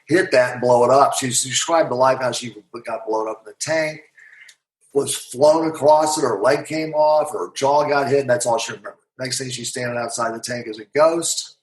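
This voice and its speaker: A man's voice: mid-range voice, moderate pace. A man, a guest author and hypnotherapist, recounting a client's session in an interview and voicing both sides of the exchange. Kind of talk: storytelling in a podcast interview. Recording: roomy echo.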